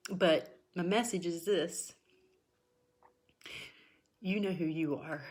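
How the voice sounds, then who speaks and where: A middle-aged woman hosting a spiritual talk show, speaking earnestly and encouragingly to her viewers and repeating herself for emphasis. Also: on the low side. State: tearful at times. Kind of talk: emotional personal talk to viewers.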